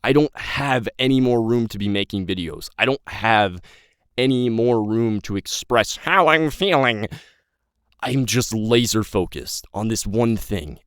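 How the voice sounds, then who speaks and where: A nineteen-year-old YouTube creator and novelist gives his viewers an impassioned, rambling personal update, swearing and tripping over his words. His voice is lowish, a little slow and a bit bright, with a clean tone. The studio-quality recording has no room sound.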